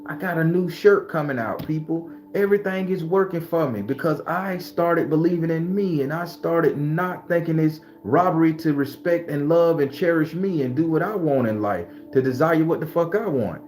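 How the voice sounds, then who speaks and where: Man, live-stream host, casual chat, animated, swears, laughs often, faint background music. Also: fairly high pitch, moderate pace, few pauses. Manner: preachy pep talk. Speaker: tarot reader and spell worker hosting a live stream.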